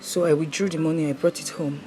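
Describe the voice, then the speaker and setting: An actress plays a grieving relative who recounts what happened while crying. Her voice sits a little low and breaks with tears. Music plays clearly behind her. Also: steady tone, fast, close to an everyday voice. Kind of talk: Nollywood film acting.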